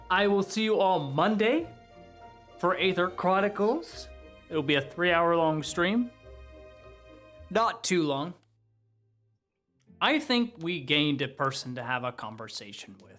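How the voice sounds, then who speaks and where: A young man talks to his stream chat in an excitable, sweary way, laughing between lines. His voice sits a little high. Soft music plays faintly behind him. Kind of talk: casual sign-off chat to stream chat.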